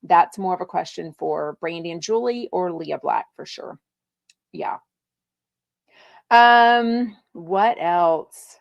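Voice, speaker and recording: A woman's voice: lowish voice, lively intonation, slow, creaky, long pauses, no echo, muffled recording. A woman from Texas, hosting a live podcast, chatting casually and reading out viewer comments in a bubbly, gushing way with lots of fillers. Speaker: podcast host.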